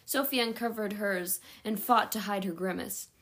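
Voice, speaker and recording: A woman's voice: medium pitch, moderate pace, a bit bright. A woman reading a novel aloud at home, with small slips and self-corrections along the way. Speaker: audiobook reader.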